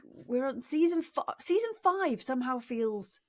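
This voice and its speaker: Host: woman, middle-aged, giddy and jokey, slightly high voice with a wide range. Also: expressive, unhurried. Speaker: podcast host. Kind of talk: show intro and casual chat.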